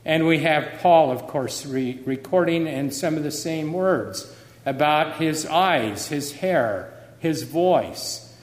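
Slow-speaking man in an echoey hall. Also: a little high. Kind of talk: explanatory commentary. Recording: echoey room with long reverb.

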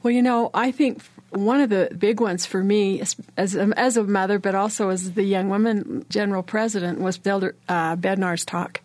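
A woman's voice: mid-range voice, fairly even intonation, normal speed, few pauses, darkish tone, no room sound. A woman who is a church leader speaking as a guest on a religious panel, enthusiastic and reverent as she talks.

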